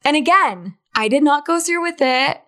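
Young woman, podcast host, candid and chatty, slightly high voice, casual monologue. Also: lively intonation, moderate pace, pushed and bright. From Utah, USA. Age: 20s. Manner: candid, chatty, laughs often.

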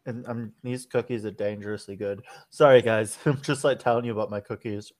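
A man's voice: on the low side, fairly even intonation, brisk, darkish tone, no echo. A man co-hosting a casual podcast from his desk at home, playful and giggly, teasing and rambling. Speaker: podcast co-host. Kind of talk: casual chat.

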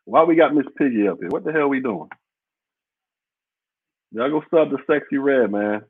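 A man's voice: mid-range voice, expressive, moderate pace, breathy edge, dry recording. A man hosting a podcast as a casual livestream, reading out viewer comments in a rambling, blunt and profane way. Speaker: podcast host. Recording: muffled phone-like audio.

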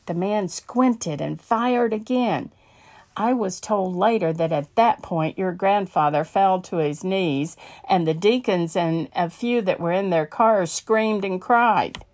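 A woman narrating a story in a measured, earnest way. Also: mid-range voice, darkish tone.

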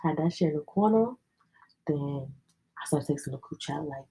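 A woman's voice: deep voice, fairly quick, vocal fry, mellow, husky, poor audio. A young adult woman hosting a podcast, telling personal stories in a slangy, candid, casual way with plenty of swearing. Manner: slangy, candid, sprinkled with profanity. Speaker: podcast host. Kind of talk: casual storytelling chat.

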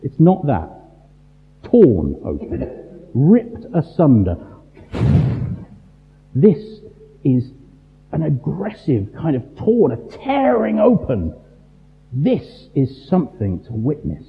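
A man delivers a sermon, full of rhetorical questions and dramatic pauses. His voice sits a touch high and moves in big, lively swings at an unhurried pace. The sound is thin and phone-like, with a long reverb trailing off the walls of a large hall. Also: gravelly. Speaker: preacher.

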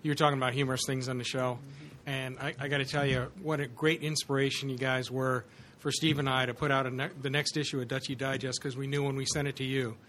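A man's voice: medium pitch, little pitch movement, fast talker, a bit bright, a little hiss or hum. A man at a live podcast taping, thanking the hosts enthusiastically. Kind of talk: casual chat.

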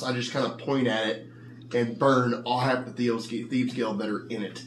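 A man's voice: mid-range voice, steady tone, normal speed, a little hiss or hum. A man playing a tabletop game, eager and chatty, often filling in with short replies. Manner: eager, chatty, backchannels a lot. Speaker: player.

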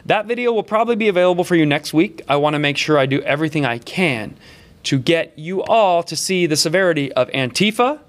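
A man's voice: on the high side, expressive. A man hosting a comedic political talk show, with sarcastic, mocking riffs. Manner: sarcastic, mocking, riffs quickly between topics.

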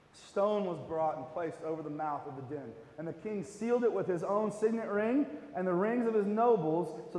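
A man's voice: a little high, a little mellow. A male pastor preaching a sermon in a casual, conversational way with filler words. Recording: echoey hall reverb.

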